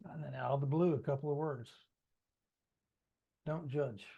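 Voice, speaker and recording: A man's voice: medium pitch, steady tone, quick pace, vocal fry, warm tone, husky, highs cut off. A man reading his own book aloud in a conversational way, adding asides and speaking straight to listeners. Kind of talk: audiobook narration with ad-libbed asides.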